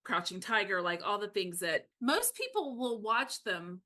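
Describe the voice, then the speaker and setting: A woman co-hosting a podcast, talking casually and animatedly about a book, with quick asides. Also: mid-range voice, big pitch swings, sharp tone. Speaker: podcast co-host.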